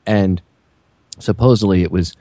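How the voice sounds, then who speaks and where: A man's voice: deep voice, a little slow, warm tone, no room sound. A man talking on a radio show, earnestly reading a quote aloud to the host and the listeners. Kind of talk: talk radio discussion.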